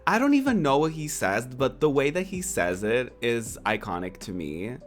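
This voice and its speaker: A streamer in their twenties chatting casually to a live chat, playful and quick to laugh. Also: mid-range voice, big pitch swings. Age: 20s.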